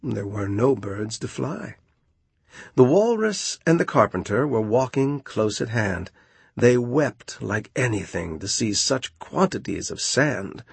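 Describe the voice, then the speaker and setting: A man recites a storybook poem in a measured, sing-song way, taking his time. His voice is gravelly and a little husky, and it rises and falls in a lively way. The recording is dry and close. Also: mid-range voice, no room sound.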